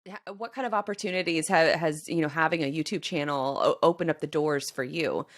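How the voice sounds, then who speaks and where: Female podcast host, relaxed and curious, lowish voice. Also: fairly quick. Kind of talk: casual interview questions.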